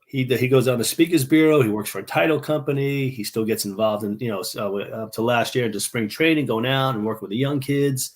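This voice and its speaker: A man's voice: medium pitch, fairly quick, few pauses. Middle-aged man telling chatty anecdotes. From New York. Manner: chatty anecdotes with restarts, mimics other people's voices. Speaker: guest. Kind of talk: casual storytelling.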